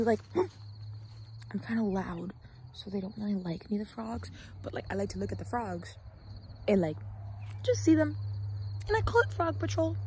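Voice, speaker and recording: A woman's voice: mid-range voice, darkish tone, slight background noise, poor audio. A woman chatting casually to camera as a vlogger, goofy and chatty, often dropping into a whisper. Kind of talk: casual vlog chat. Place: outdoors by a pond.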